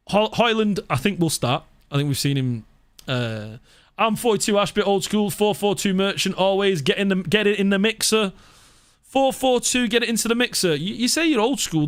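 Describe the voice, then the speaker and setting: Animated male football-fan streamer. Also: high voice. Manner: animated, mock-outraged, repeats words. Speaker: fan channel presenter reading live chat. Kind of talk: casual live-stream chat.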